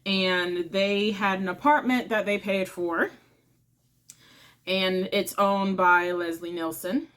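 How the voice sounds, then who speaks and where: A woman's voice: medium pitch, steady tone, slow pace, fairly bright tone. A woman hosting her own channel, casually retelling a film's plot in a chatty, informal way. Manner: chatty, informal, retells scenes by acting out lines. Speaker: movie reviewer and channel host. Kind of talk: casual movie recap.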